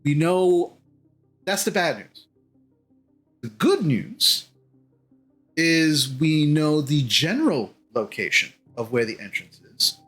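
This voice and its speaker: A man voicing a composed, powerful woman envoy in a tabletop game, halting and full of fillers. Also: a little high, animated, a bit bright, soft background music. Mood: businesslike.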